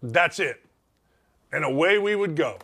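High, lively ranting male sports host. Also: measured pace. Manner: emphatic, ranting, rhetorical questions. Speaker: sports talk show host. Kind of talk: opinionated sports radio monologue.

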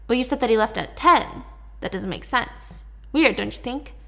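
A woman's voice: fairly high pitch, animated, normal speed, vocal fry, bright, forceful tone, full character voice. A woman voicing a sly police detective who asks probing, knowing questions.

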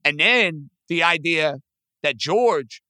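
A man with a somewhat high, smooth and bright voice in casual sports talk. He tells stories steadily, recorded dry and close. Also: slow, no echo. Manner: storytelling, steady, sets up points for his co-host. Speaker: podcast co-host.

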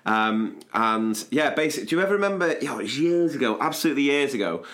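A man, hosting a podcast in casual chat, chirpy and jokey, sometimes dropping low and soft while recounting. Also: expressive, fast. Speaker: podcast host.

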